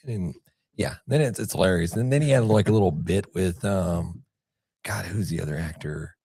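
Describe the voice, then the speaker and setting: A man's voice: sits low, normal speed, warm tone, slightly rough, no echo, studio quality. A man with a Texan accent co-hosting a podcast, telling a story with stumbles and repeated words. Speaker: podcast co-host. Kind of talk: casual chat.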